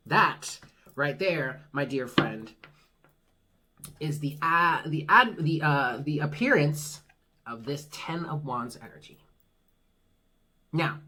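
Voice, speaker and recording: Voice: mid-range voice, bright, forceful tone, husky. A tarot reader giving a casual monthly reading, talking frankly, swearing freely and reassuring the listener. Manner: laughs at own jokes.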